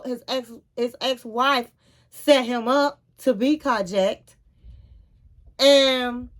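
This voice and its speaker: A woman casually recapping a reality show and giving frank advice, calling her viewers honey and queens. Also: on the high side. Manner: chatty, retells scenes with quoted dialogue.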